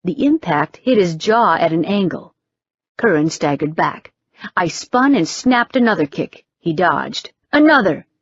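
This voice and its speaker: Slow, wry woman reading an audiobook. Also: lowish voice, expressive, husky, no room sound. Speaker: audiobook narrator. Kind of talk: first-person fiction narration. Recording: slightly dull, dry recording.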